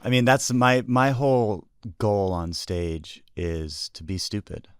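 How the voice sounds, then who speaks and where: Deep-voiced comedian guest, rambling. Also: male voice, animated, slow, smooth, no room sound, studio quality. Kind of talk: casual podcast chat. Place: podcast studio.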